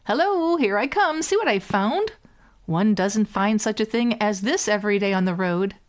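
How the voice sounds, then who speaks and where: A woman reading a bedtime story, voicing a cheerful, foolish young peasant lad who shouts with glee. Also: mid-range voice, steady tone, normal speed, smooth, lightly acted. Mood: gleeful.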